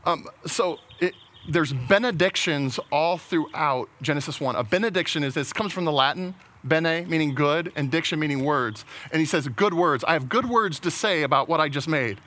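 A male pastor preaches a sermon casually and conversationally, frequently restarting his words and laughing at his own jokes. His voice is on the high side, expressive and sharp in tone, at a moderate pace.

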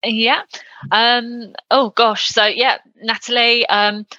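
A woman's voice: a little high, flat delivery, slow pace, pushed and bright, dry recording, lo-fi sound. A middle-aged woman chatting casually as a podcast guest, with lots of ums and easy laughs. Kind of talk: casual interview chat.

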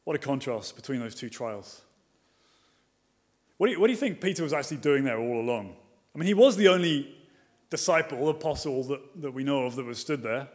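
A man preaching a sermon, moving between emphatic and quiet passages and asking rhetorical questions. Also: mid-range voice, lively intonation, a little fast. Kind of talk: expository sermon.

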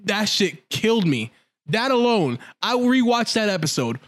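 A man co-hosting a podcast in casual, animated chat, swearing and acting out cartoon scenes. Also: high voice, moderate pace, dry recording. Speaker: podcast co-host.

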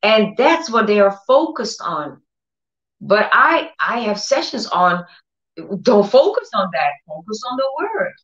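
A woman preaches on healing with animated conviction, slipping into the voices of doubting listeners. Her voice sits in a mid register, carried by a roomy echo. The sound is slightly muffled and lo-fi. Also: mid-range voice, measured pace. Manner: animated, acts out doubters' voices, repeats phrases for emphasis. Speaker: healing ministry teacher. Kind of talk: impassioned faith teaching. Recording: roomy, slightly dull audio.

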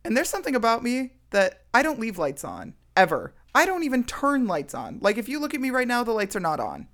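A young woman chatting casually, telling an animated story and acting out the lines she quotes. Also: a little high, brisk. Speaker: co-host. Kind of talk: casual chat.

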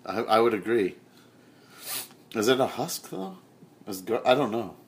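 A man's voice: on the low side, expressive, measured pace, a little hiss or hum. A man co-hosting a casual movie commentary, joking and laughing often. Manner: laughs often, jokey asides. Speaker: co-host of a movie commentary show. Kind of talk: casual movie riffing chat.

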